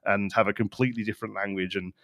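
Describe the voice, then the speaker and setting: A man's voice: fairly low pitch, steady tone, very fast, a bit bright, no echo. Chatty English Midlands man, dry sound. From England. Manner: chatty, explains at length with many restarts and fillers. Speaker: podcast co-host. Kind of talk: casual chat.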